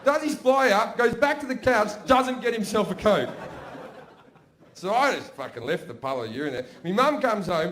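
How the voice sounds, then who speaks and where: A man with an Australian accent telling profane, animated stories as a stand-up comedian. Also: high-pitched, normal speed. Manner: brash, profane, animated storytelling. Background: audience laughter.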